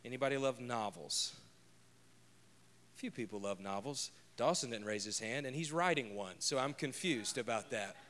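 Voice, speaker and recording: Speaking at a moderate pace in a mid-range, fairly bright voice, a pastor gives a relaxed, conversational sermon. He keeps things light with jokes and personal tales from home.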